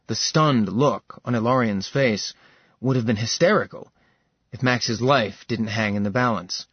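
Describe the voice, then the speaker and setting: A man narrates an audiobook in a measured, steady manner, his voice husky and middle-pitched. The recording is dry and dull, slightly lo-fi. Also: dry recording. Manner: measured storytelling. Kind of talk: scripted narration.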